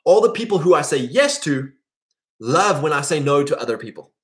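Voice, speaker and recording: A middle-aged man preaching in a loose, conversational way, his voice sitting a little higher than most men's. He keeps slipping into quick impressions of the people he talks about, then drops back to his own teaching voice. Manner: animated, acts out voices in quoted asides. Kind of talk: casual preaching talk.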